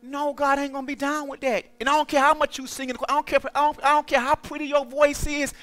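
A man preaching to a congregation in a lively call-and-response style, acting out quoted voices as he goes. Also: very high-pitched, fast talker. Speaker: pastor.

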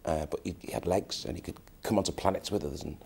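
A man with a low, gravelly and slightly husky voice explains how a character was developed. He speaks hesitantly, pausing and restarting as he goes. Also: steady tone, a little mellow. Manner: hesitant, halting. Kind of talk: interview.

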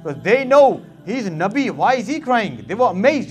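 A man's voice: high-pitched, sing-song, quick pace, hardly any pauses, faint music behind. A man preaching a sermon as an imam, impassioned and speaking straight to his listeners with rhetorical questions.

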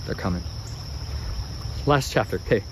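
A father teaching scripture reads and explains Bible passages to his family casually, in a fairly low voice at normal speed. Animated and chatty, he keeps breaking off to talk to his children. The background is noisy.

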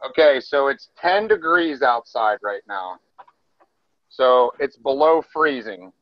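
A man's voice: medium pitch, expressive, takes it slowly, no room sound, muffled recording. A father chatting playfully with his daughter on a phone video, grumbling dramatically. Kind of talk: casual family vlog chat. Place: family home, stepping outside into snow at night. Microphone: handheld phone camera.

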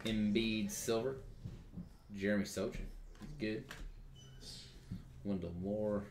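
A man's voice: lowish voice, steady tone, takes it slowly. A man hosting a live card break, rattling off card names and joking with others. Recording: echoey room with crowd noise.

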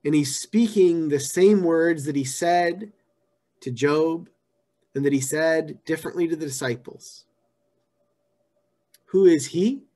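Man, pastor, sermon, conversational, repeats himself, fairly high voice. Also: slow, pauses often. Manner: conversational, repeats phrases, shifts from hushed to emphatic.

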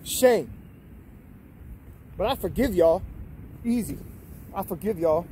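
Guy with a high voice reading bible verses and going off on people, keeps saying man and bro, traffic noise behind. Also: lively intonation, slow, mellow. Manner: accusatory, calls people out, tags lines with "man" and "bro". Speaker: vlogger reading scripture. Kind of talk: casual confrontational rant with scripture reading. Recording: noisy background with passing vehicles.

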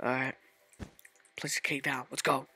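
A man's voice: medium pitch, moderate pace, slightly rough. A man giving casual gameplay commentary, talking to himself and bursting into startled outbursts. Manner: excitable self-talk with sudden startled outbursts. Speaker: gaming channel host.

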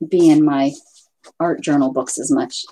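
In a low, dark-toned voice that's fairly even and a little slow, a woman hosts a relaxed craft livestream from home. She rambles on in casual live chat with viewers and talks to her pets.

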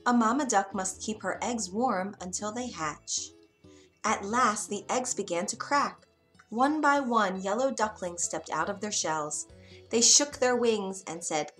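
A woman narrating an animated fairy tale for children in a lively, expressive read-aloud manner. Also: mid-range voice, measured pace, faint music behind. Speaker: storyteller.

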